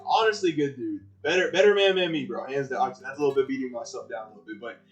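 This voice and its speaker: A man's voice: medium pitch, expressive, rapid-fire, highs cut off, soft background music. A young man co-hosting a casual anime review podcast, rambling along in slang full of "like" and "bro". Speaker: podcast co-host.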